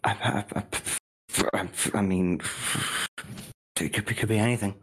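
A man's voice: on the low side, unhurried, husky. A man playing a tabletop game, chatting in character with lots of stammers and restarts. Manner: stammering, excitable, restarts often. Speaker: player.

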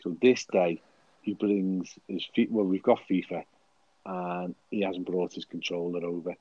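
A man's voice: low voice, little pitch movement, measured pace, warm tone, dry recording, lo-fi sound. A man co-hosting a casual podcast, telling stories in a sweary, jokey way. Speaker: podcast co-host.

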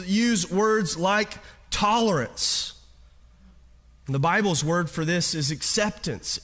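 Pastor guy with a high voice preaching, jokey, keeps asking the crowd questions. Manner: animated preaching with rhetorical questions and humor. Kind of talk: sermon.

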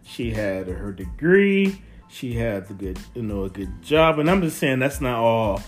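A man's voice: mid-range voice, big pitch swings, measured pace, faint music behind. A man co-hosting a casual chat about marriage with his wife, laid-back and joking. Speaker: podcast co-host, husband.

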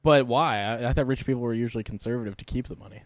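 A man's voice: mid-range voice, rapid-fire, no echo, clean studio sound. Hesitant, questioning man on a podcast. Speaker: podcast participant. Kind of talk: casual comedy chat.

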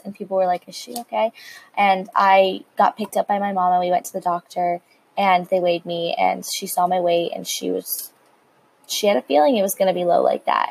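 A woman's voice: medium pitch, creaky, poor audio. A teenage girl in her late teens talking candidly to her viewers about a hard personal time, rambling with many likes and restarts. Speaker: vlogger. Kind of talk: personal confessional story.

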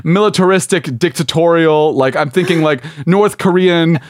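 A young man with a fairly high voice co-hosts a casual podcast, giggling and rambling as the champagne kicks in. His voice is dry and close, with no room sound. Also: normal speed, no room sound. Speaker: podcast co-host. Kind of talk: casual comedic chat.

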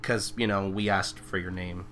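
A young man co-hosting a podcast, casually recapping a manga and acting out the characters' lines. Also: low-pitched. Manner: animated, acts out character lines in quick bursts. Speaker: podcast co-host.

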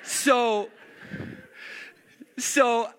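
A man's voice: very high voice, drawn-out words, smooth. A middle-aged male pastor preaching a joking, story-driven sermon, rambling and repeating himself as he goes. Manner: animated, rambling, repeats and restarts phrases, joking. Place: church sanctuary. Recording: long reverb in a church hall.

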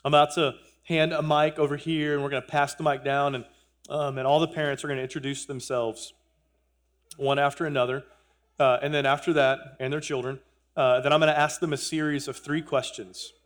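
Earnest pastor preaching in church. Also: male voice, on the high side, level tone, fairly quick, fairly bright tone. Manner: earnest, repeats phrases, jokes with the congregation. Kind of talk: sermon. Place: church sanctuary.

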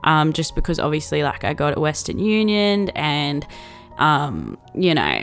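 A woman's voice: low-pitched, sing-song, a little slow, faint music behind. A young Australian woman in her twenties telling a story in a casual vlog, chatty and profane, full of likes and laughing asides. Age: 20s.

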